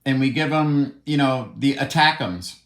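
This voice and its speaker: A man's voice: medium pitch, animated, unhurried, fairly bright tone. A man delivering a heated, blunt, profane monologue, commenting on the news. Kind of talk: opinionated monologue. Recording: roomy echo.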